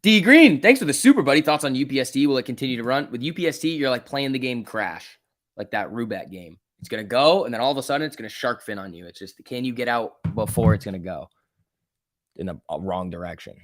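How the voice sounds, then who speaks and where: A man hosting a live stock trading stream, reading chat questions aloud and muttering about charts, then bursting out excitedly when prices move. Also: mid-range voice, quick pace. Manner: casual, swings from mutters to excited outbursts. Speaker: stock trading livestream host.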